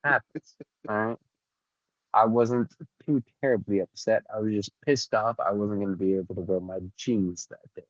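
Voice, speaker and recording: A man co-hosting a podcast, telling stories in casual chat, swearing a lot and getting animated. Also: fairly low pitch, normal speed, no room sound, dull audio. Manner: profane, animated storyteller. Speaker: podcast co-host.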